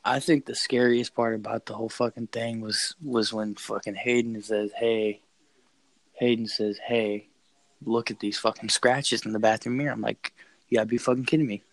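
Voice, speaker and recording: A young man excitedly telling a scary story in a casual chat, swearing and repeating himself. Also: on the low side, normal speed, no room sound, poor audio. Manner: excited, profane, repeats phrases.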